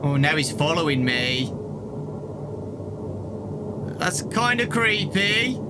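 Slow-talking male gaming reactor. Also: fairly high pitch, sing-song, very noisy. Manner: slow, wondering, reacts with gasps. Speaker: gaming YouTuber. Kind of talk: game reaction commentary. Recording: talking over loud game music.

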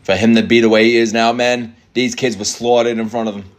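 A man's voice: medium pitch, flat delivery, a little fast, slight background noise. A man reacting to an anime episode, talking back to the screen, swearing and getting emotional.

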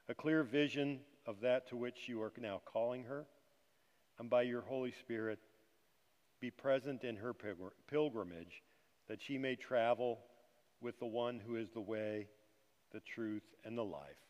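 A male pastor leading a prayer and giving the benediction in a measured, solemn way. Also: medium pitch, darkish tone. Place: church sanctuary. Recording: church reverb.

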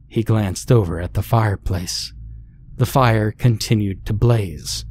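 A man narrating a scary story in a calm, measured scripted reading. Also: fairly low pitch, breathy edge.

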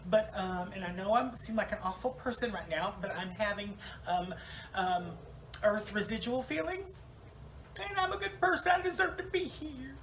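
In a comic church monologue, a preacher voices a self-absorbed, talkative woman salon owner who has just died and arrived in heaven, rambling wryly with fillers and restarts. His voice is high, a bit bright, at normal speed, on a low-quality recording with a little hiss or hum.

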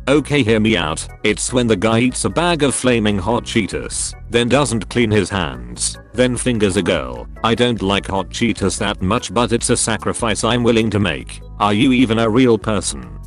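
Comedy narrator, male, lower register, dry and wry delivery reading text chats, faint music bed. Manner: wry, reads messages aloud then comments dryly. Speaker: narrator of meme videos. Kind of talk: reading out text messages with comic asides.

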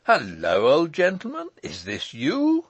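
A man's voice: on the high side, huge pitch swings, measured pace, slightly rough, no echo, voice pushed up, heavily acted. A man reading a jaunty young lawyer. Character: breezy young male lawyer, good-humoured nephew.

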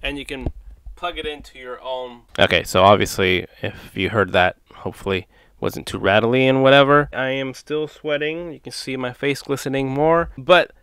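A man in a casual home demo, talking through his tests of a USB microphone. His voice is smooth and resonant, at a middle pitch, recorded dry with no room sound. He chats in a relaxed way, thinking aloud as he adjusts levels and moves around the mic. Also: normal speed, dry recording. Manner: relaxed, chatty, thinks aloud while testing. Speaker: tech reviewer. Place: indoor home setup. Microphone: USB condenser mic under test, distance varies.

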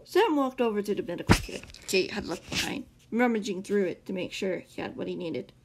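A woman's voice: mid-range voice, a little fast, very noisy. A woman reading her own fan fiction story aloud, with occasional stumbles and self-corrections. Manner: expressive narration with self-corrections.

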